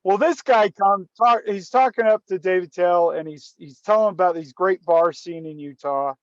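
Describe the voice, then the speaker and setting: A man's voice: high voice, moderate pace, no echo, dull audio. A man telling a story in casual conversation, often restarting and repeating words. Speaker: guest storyteller.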